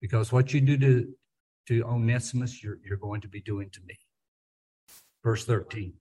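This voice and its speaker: Man, Bible study teacher, husky voice, mid pitch, conversational, repeats words, emphatic. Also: normal speed, warm tone, rough recording.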